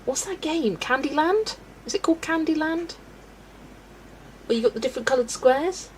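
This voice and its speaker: A woman's voice: sits high, lively intonation, moderate pace, a little hiss or hum, low-quality recording. A woman chatting casually on a live stream as she colours, thinking aloud, giggling often, and talking into a webcam mic.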